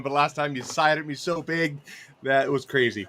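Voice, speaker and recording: A man's voice: fairly high pitch, normal speed, bright, forceful tone. Rambling man hosting a livestream. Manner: rambling, reads out chat comments. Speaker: podcast host. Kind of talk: casual livestream chat.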